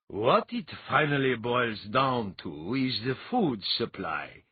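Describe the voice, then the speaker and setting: A man voicing a practical nobleman who speaks in a measured, wry way. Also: medium pitch, sing-song, slightly rough, dry recording, voice pushed up, full character voice. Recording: dull lo-fi audiobook recording.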